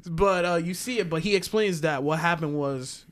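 A man co-hosting a casual podcast chat, animated and laughing, acting out scenes from a show. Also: on the high side, moderate pace. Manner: animated, laughs often, acts out lines from the show. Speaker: podcast co-host.

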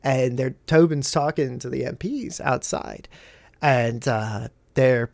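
A man's voice: medium pitch, slow pace, creaky. A man hosting a podcast who tells stories in casual chat, swearing often and laughing through the telling, heard over a video call. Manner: profane, laughing, animated storyteller. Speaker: podcast host.

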